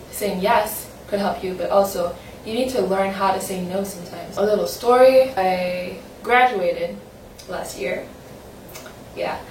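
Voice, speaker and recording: A young woman from Saint-Martin chats in a personal vlog, candid, rambling and self-conscious, with a medium-pitched voice. She's in a roomy space with echo, picked up by a distant mic along with faint ambience and a little hiss or hum.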